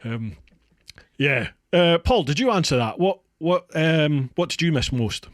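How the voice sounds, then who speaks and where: A man's voice: a little high, animated, measured pace, no room sound, clean studio sound. Chatty man hosting a podcast. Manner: chatty, laughs often. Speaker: podcast host. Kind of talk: casual chat.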